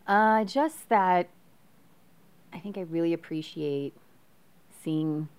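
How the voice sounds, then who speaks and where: A woman's voice: lowish voice, slow pace, a little mellow, smooth. A female podcast co-host chatting casually, wry and a little hesitant. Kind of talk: casual chat.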